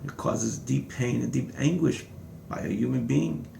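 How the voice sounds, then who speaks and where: A man's voice: medium pitch, unhurried, creaky, mellow, a little hiss or hum. A man giving a text-study lecture as a Torah teacher, reading a phrase and then translating and restating it in several words. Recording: echoey room.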